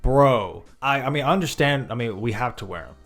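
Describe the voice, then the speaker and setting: A man's voice: mid-range voice, animated, brisk, fairly bright tone. A young man co-hosting a podcast, chatting in a rambling, laid-back way, full of "bro" and "dude.". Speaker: podcast co-host. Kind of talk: casual chat.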